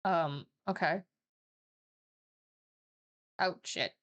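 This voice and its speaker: A woman's voice: lowish voice, drawn-out words, lo-fi sound. A woman streamer reading an interactive story aloud, with joking asides and casual swearing.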